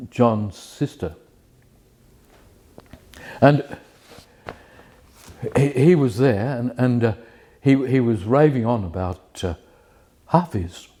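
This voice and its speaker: Hesitant man with a mellow voice. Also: medium pitch. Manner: hesitant, many restarts and fillers, self-deprecating; slow, measured recitation of verse. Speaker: community member sharing a personal story. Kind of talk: halting personal storytelling, then poetry reading.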